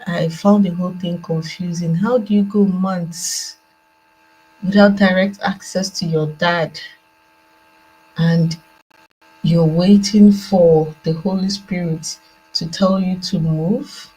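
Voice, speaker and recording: Nigerian woman, husky low voice, earnest, repeats herself, laptop call, fan hum behind. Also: steady tone, takes it slowly, mellow, poor audio. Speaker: guest joining by video call. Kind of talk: call-in discussion. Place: home at night, laptop fan running. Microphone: laptop on a video call.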